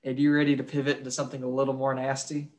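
A man's voice: medium pitch, monotone, very fast, a little mellow. A young man co-hosting a casual podcast, crude and joking, swearing freely. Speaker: podcast co-host.

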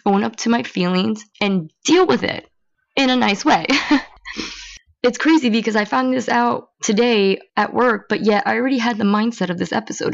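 A woman's voice: mid-range voice, vocal fry, highs cut off. A woman hosting a podcast, talking through her feelings in a blunt, emotional monologue and swearing freely. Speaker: podcast host. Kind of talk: candid personal monologue.

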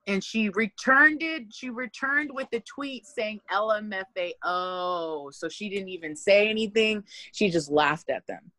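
A woman co-hosting a casual podcast, loud, profane and animated, with big swings in her voice. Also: mid-range voice, a little slow, hardly any pauses, rough recording. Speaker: podcast co-host.

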